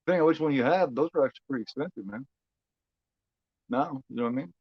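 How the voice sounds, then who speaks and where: A man's voice: mid-range voice, fast talker, slightly rough, dry recording, lo-fi sound. A man from Indiana with a Midwestern American accent, hosting a movie watch-along stream in loose casual chat, rambling and repeating his words. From United States.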